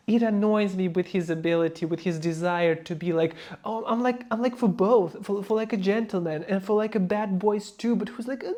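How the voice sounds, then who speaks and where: A man speaking non-native English in a casual review vlog, emphatic and playfully mocking, slipping into quick mock voices. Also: high-pitched, darkish tone. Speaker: fragrance reviewer.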